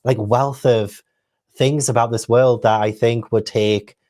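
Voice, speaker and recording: A man hosts a relaxed conversation in an ordinary mid-range voice. He thinks out loud, wandering through his points with plenty of fillers. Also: mid-range voice, a little slow. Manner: thoughtful, rambling with many fillers. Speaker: host. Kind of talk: casual chat.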